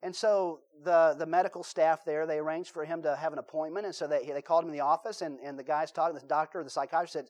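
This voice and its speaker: A man's voice: on the high side, fairly even intonation, fast talker, few pauses, a little mellow. A man with a Southern US accent preaching a sermon, telling folksy stories and acting out the voices in them. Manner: folksy storytelling, acts out voices in his stories. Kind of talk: sermon with anecdotes.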